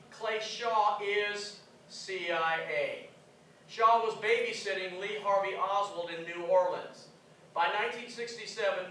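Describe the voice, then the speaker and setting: A man's voice: high voice, pushed and bright, slight background noise. A man giving an emphatic conference lecture, firing rhetorical questions at the audience. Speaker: conference speaker. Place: conference hall. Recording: echoey hall, distant mic.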